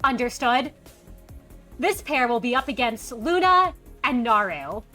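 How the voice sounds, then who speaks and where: A woman narrating a tabletop game as game master, lively and voicing characters in quotes. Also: a little high, normal speed, faint music behind.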